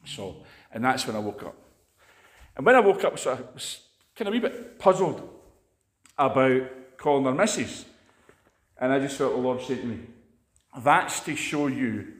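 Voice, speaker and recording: A man's voice: mid-range voice, lively intonation, normal speed, pauses often, reverberant. A man with a Scottish accent preaching a conversational sermon, telling stories in a chatty, anecdotal way.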